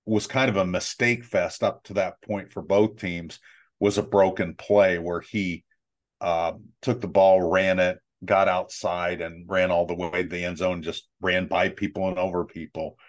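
A man working as a college football analyst, talking through game plans in a relaxed, rambling way. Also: low voice. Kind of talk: casual sports talk.

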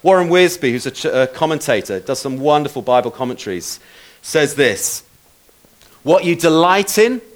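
Male preacher, slightly high voice, chatty self-deprecating sermon delivery. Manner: conversational, self-deprecating with asides.

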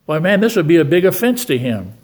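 A man's voice: a little high, sing-song, fast, darkish tone. An older man giving a sermon in church, telling a story from his life and calling on the congregation for amens. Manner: storytelling preacher who keeps asking the church for amens. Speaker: guest preacher.

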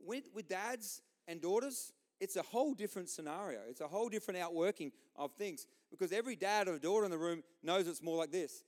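Impassioned middle-aged pastor in echoey hall. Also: male voice, high voice, fairly quick, hardly any pauses. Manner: impassioned, swinging from loud to soft. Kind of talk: sermon.

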